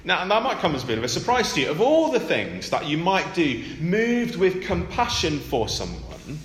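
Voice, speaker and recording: A man delivers a sermon, moving from hushed, low phrases to bright, lifted ones and leaning on tag questions and repeated words for emphasis. His voice sits a touch high for a man. It rings through a large, echoey church hall. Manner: conversational, rhetorical tag questions, emphatic repetition. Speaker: preacher.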